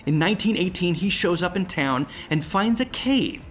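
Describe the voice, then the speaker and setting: A young man hosting and telling a campfire ghost story, dramatic, dropping to hushed whispers and jumping to excited outbursts. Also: sits high, normal speed, soft background music. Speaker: host and storyteller.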